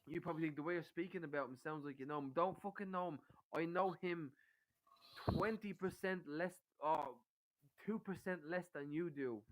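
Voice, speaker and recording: A man's voice: fairly high pitch, moderate pace, poor audio. A man in his forties chatting casually on a live stream, swearing often and pushing a friend into drinking banter. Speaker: stream guest. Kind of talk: casual chat.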